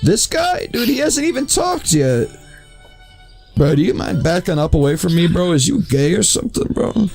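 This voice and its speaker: Creaky-voiced joking male streamer. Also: high voice, big pitch swings, normal speed, darkish tone, soft background music. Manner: rambling, joking, constantly saying bro. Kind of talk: casual livestream chat in a social game.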